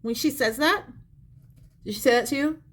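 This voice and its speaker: A woman with a high-pitched voice gives a psychic reading on a live stream, speaking at a normal speed directly to the viewer in a chatty, repetitive way. She's recorded on a phone or a close mic.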